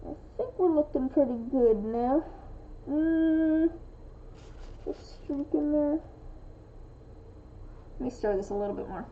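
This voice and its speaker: She's a young resin-dice streamer from the western US whose high-pitched voice is animated yet slow, with frequent pauses, the highs cut off and a little hiss or hum. Crafting live, she rambles and thinks aloud with many restarts and fillers, and her western American accent often drops the g in -ing endings.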